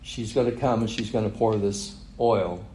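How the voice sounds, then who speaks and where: A man's voice: lowish voice, steady tone, moderate pace, darkish tone, echoey room, slight background noise, rough recording. A man preaching a sermon, retelling a story with chuckles and rhetorical questions. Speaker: pastor.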